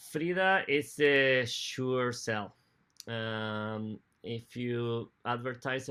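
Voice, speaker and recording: A man's voice: on the low side, vocal fry, a bit bright. Man, hesitant lecture. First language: Spanish. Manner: hesitant, restarts phrases, non-native grammar. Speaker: opera conductor giving a library talk. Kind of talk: informal lecture.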